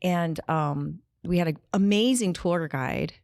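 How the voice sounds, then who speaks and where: A woman's voice: fairly low pitch, unhurried, creaky, darkish tone, no echo, studio quality. A middle-aged woman chatting as a guest on a podcast. She laughs often and wanders off on tangents. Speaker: interview guest, nonprofit director. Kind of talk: casual podcast conversation. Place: podcast studio.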